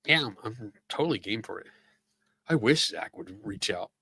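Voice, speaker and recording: Bright, chatty man with a Philly accent. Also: fairly low pitch, lively intonation, moderate pace, gravelly, slightly rough, no echo. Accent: Philadelphia. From Philadelphia area. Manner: loose, chatty, with frequent fillers and restarts. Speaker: podcast host. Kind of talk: casual livestream chat.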